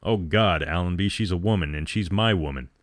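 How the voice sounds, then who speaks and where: A man's voice: low voice, fairly quick, no room sound, clean studio sound, natural voice. A man doing grief-stricken castaway Corey. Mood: broken. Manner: pleading, broken. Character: desperate lonely male castaway, grief-stricken.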